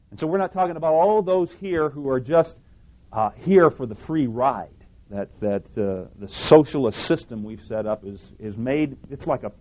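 A man's voice: mid-range voice, a little mellow. A man preaching a sermon, speaking emphatically, repeating phrases and correcting himself as he goes. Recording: dull lo-fi recording.

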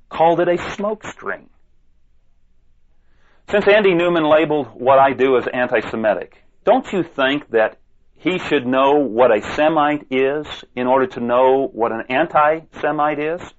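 A man's voice: a little high, lively intonation, measured pace. A man speaking alone who reads passages aloud and answers them with emphatic rhetorical questions, often stumbling and restarting. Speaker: ministry speaker. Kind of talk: monologue rebuttal reading quotes aloud. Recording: dull lo-fi recording.

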